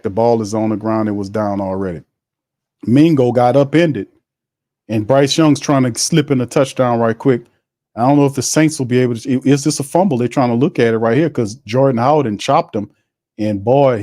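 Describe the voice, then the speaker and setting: A man calling the game live for his stream audience, excitable and loose, full of slang and quick laughs. His voice sits at an ordinary pitch, and the sound is dry and close. He moves between play-by-play and friendly chatter with viewers. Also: dry recording. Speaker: watch party host.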